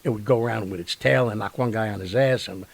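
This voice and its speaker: Gravelly-voiced man telling rambling stories. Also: fairly low pitch, quick pace, no echo, low-quality recording. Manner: rambling, animated, with many fillers and sound effects. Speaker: radio show host. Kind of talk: casual storytelling monologue.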